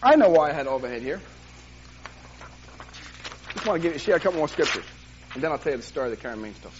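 Older man, pastor, sermon, animated storytelling, faint room noise. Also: a little high, fast talker, pauses often, lo-fi sound. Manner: animated, self-deprecating storytelling with laughs.

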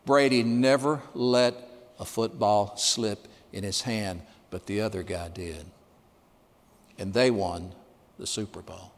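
A man in his sixties preaching a sermon, telling stories with emphasis and dropping quiet for the key lines. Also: fairly low pitch, fairly even intonation, slow, big-room sound. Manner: storytelling, emphatic, drops to quiet for punchlines. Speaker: pastor.

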